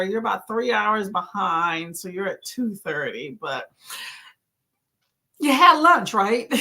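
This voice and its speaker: A woman hosts a casual reading livestream, chatting warmly with viewers and calling out their names as they join. Her voice sits a little high, and she walks everyone through slow stretches and deep breaths between reads. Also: gravelly. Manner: friendly, greets viewers by name, talks through stretches. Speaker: booktube host.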